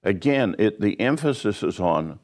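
A man teaching a sermon, reading and explaining scripture in an unhurried way, with frequent pauses and restarts. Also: on the low side, lively intonation, darkish tone. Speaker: pastor. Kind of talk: verse-by-verse Bible teaching.

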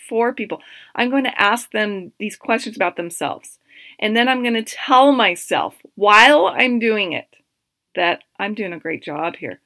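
A woman's voice: a little high, a bit bright, no room sound. A woman in her thirties, a coach hosting her podcast, who talks upbeat and encouraging straight to her listeners. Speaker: podcast host, life coach. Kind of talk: motivational solo podcast talk.

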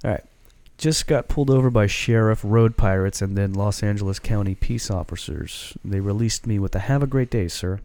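Laid-back guy w a lowish voice reading a story to his cohost, dead dry recording. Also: moderate pace, hardly any pauses, darkish tone, no room sound. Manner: amused, laid-back, swears casually. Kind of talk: casual chat, reading a story aloud.

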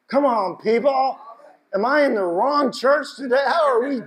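Impassioned high-voiced male preacher. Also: unhurried, poor audio. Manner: passionate, building from hushed to shouting. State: emotional. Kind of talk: sermon.

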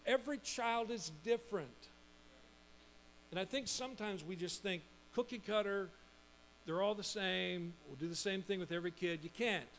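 A middle-aged man preaching a sermon as pastor, lively and emphatic, building points through repetition. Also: high voice, a little hiss or hum.

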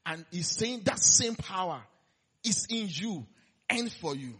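A man preaching a conversational sermon, laughing often and swinging between loud emphasis and quiet asides. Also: high voice, animated, measured pace, slightly rough.

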